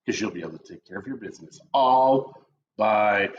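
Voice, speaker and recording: A man's voice: fairly low pitch, animated, normal speed. A middle-aged man co-hosting a casual coffee chat, joking around and telling stories with lots of animation. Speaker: co-host of a real estate chat show. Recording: dull lo-fi stream audio.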